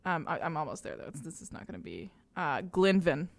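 A woman's voice: sits low, very animated, a little fast, vocal fry. A woman narrating a tabletop role-play game as game master, hesitant and full of fillers. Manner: hesitant, lots of fillers, laughs easily.

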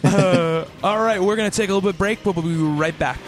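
A man's voice: high voice, fairly quick. A man co-hosting a casual podcast chat, reading off a release list and laughing often. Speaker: podcast co-host.

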